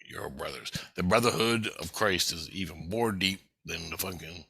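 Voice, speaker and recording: A man's voice: low-pitched, moderate pace, vocal fry, bright, forceful tone, husky, no echo, poor audio. A middle-aged man telling a rambling, profane, agitated monologue to camera. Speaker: vlogger.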